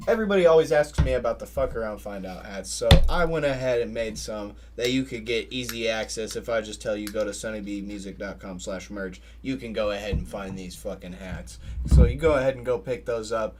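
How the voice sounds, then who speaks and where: A man's voice: medium pitch, a little hiss or hum. A young adult man hosting a podcast, telling rambling stories in casual livestream chat and laughing often. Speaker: podcast host.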